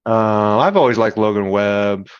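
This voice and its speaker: A man's voice: lowish voice, measured pace, clear, resonant tone, no echo, lo-fi sound. A man co-hosting a casual sports chat. He boasts and trash-talks in a playful way. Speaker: podcast co-host.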